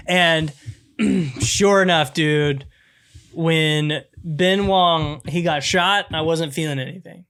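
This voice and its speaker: A man's voice: a little high, steady tone, a little slow, fairly bright tone, clean tone. A man co-hosting a podcast, talking casually about a film and rambling through scenes with many restarts. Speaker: podcast co-host. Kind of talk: casual film review chat.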